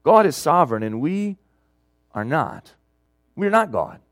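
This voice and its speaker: A middle-aged man preaches with a lively, swinging pitch, telling stories and leaning into emphasis before dropping to quiet asides. His voice sounds close and dry, with no room echo around it. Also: unhurried. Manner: storytelling, animated, swings between loud emphasis and quiet asides. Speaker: pastor. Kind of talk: sermon.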